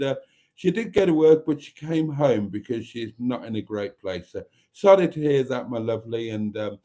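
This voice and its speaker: A man's voice: mid-range voice, dark tone. A man hosting a live stream, chatting casually as he reads out viewer comments in a camp, teasing way with frequent laughs.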